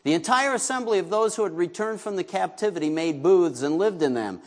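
A pastor from New York preaches in a relaxed, conversational way. He tosses questions out to the congregation and makes light jokes. His speaking voice sits a little on the high side for a man. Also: fairly quick. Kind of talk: sermon.

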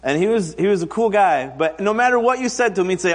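A man's voice: sits high, lively intonation, fast, hardly any pauses. A man in his thirties preaching a conversational sermon, telling stories and acting out quoted voices for humor. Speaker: pastor. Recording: long hall reverb.

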